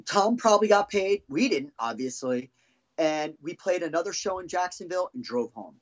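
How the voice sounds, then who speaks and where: A man's voice: high-pitched, expressive, moderate pace, highs cut off. A middle-aged man, a former band drummer, telling heated, profane stories as a podcast guest. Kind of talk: casual storytelling.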